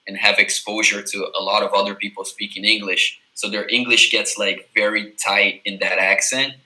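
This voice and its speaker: A man's voice: fairly low pitch, little pitch movement, normal speed, pushed and bright, low-quality recording. A man from Miami, a native English tutor, talking loosely in a casual live chat, full of "like" and "you know". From Miami, USA.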